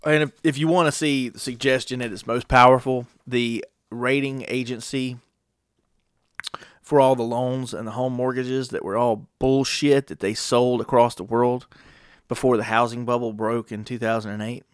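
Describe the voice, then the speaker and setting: A man's voice: medium pitch, fairly even intonation, normal speed, clean tone, no echo, clean studio sound. A man talking casually in a rambling, profane monologue, full of rhetorical questions.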